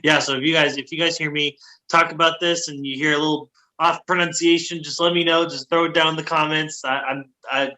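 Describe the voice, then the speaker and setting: A man's voice: a little high, fairly even intonation, fairly quick, pushed and bright, rough recording. A man co-hosting a casual sports history podcast, full of fillers and laughing at his own pronunciation. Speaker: podcast co-host.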